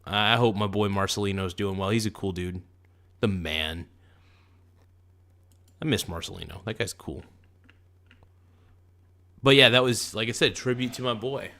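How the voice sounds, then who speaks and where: A man's voice: fairly low pitch, moderate pace, pauses often, sharp tone. A man hosting a casual livestream, rambling and chuckling in a loose, jokey way. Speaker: livestream host.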